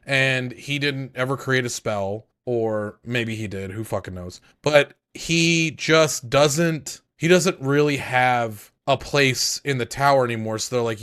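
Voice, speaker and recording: Animated, swearing young male podcast co-host. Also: mid-range voice. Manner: animated, profane, self-deprecating banter. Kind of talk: casual podcast chat.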